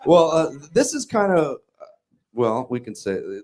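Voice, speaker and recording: A man's voice: on the high side, sing-song, a little slow, crowd noise. A man telling a stand-up story in an exasperated, profane way. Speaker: comedian telling a story on stage.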